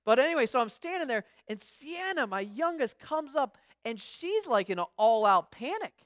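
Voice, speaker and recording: A woman's voice: high-pitched, sing-song, normal speed, no room sound, studio quality. A woman pastor giving a conversational sermon, telling stories with frequent restarts and acting out what others say. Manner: storytelling, frequent restarts, acts out quoted voices.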